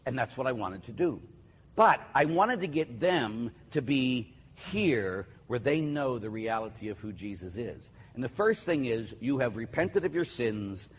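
Emphatic husky male preacher in a hall. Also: fairly high pitch. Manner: emphatic, swinging between loud declarations and quiet asides. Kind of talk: sermon. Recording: long hall reverb.

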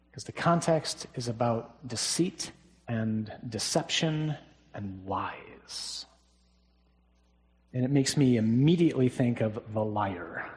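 Conversational priest giving a homily. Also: male voice, mid-range voice. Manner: conversational, with tag questions. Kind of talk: funeral homily.

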